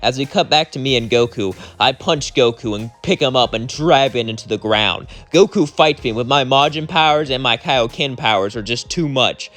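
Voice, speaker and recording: A man's voice: medium pitch, normal speed, hardly any pauses, a bit bright, soft background music. A man casually narrating a fan story in a plain, rambling way.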